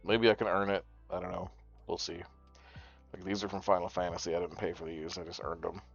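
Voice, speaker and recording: Low gravelly man rambling to chat. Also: little pitch movement, fairly quick. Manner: rambling, swears freely, talks to chat. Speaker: streamer. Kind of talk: casual gaming commentary. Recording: dull lo-fi stream audio with faint music.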